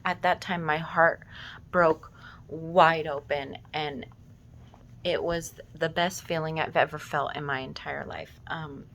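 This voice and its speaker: A woman in her thirties telling a personal story slowly and reflectively, with emotion and some casual swearing. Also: low-pitched, fairly even intonation, creaky, a bit bright, slight background noise. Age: 30s. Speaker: vlogger.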